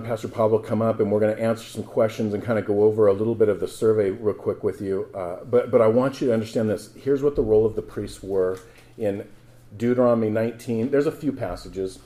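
Male pastor, very dark and mellow tone, conversational sermon delivery that builds into emphatic scripture reading. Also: on the low side.

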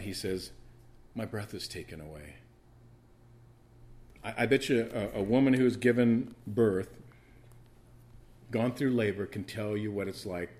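Man preaching, quiet then emphatic. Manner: swings from quiet, low asides to loud emphatic preaching; conversational, with stammered restarts and questions to the congregation. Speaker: pastor. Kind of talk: sermon.

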